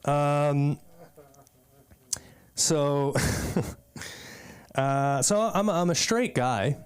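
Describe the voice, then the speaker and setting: A man's voice: on the high side, expressive, very slow, clear, resonant tone. A man from the US East Coast doing a stand-up set at an open mic, talking in a loose, rambling way full of fillers and asides. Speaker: stand-up comedian. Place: comedy club stage.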